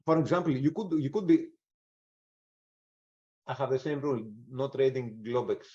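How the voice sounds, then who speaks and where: A man's voice: medium pitch, normal speed, dark tone. Guy in his 40s rambling thru a trading webinar, lots of restarts, kinda dull lo-fi audio. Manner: rambling, frequent restarts and fillers. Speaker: webinar presenter, trader. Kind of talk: live webinar talk.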